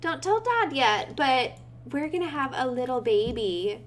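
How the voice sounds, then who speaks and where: A woman's voice: high voice, very animated, a little slow. A woman voicing a giddy young mother-to-be. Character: excited young pregnant woman, goofy.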